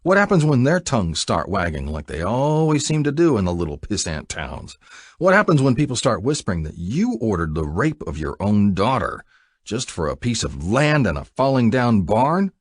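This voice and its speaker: A man's voice: fairly low pitch, big pitch swings, normal speed, husky, no echo, studio quality, voice pushed up. A man doing a cocky sarcastic young guy. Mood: menacing. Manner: mocking, sarcastic.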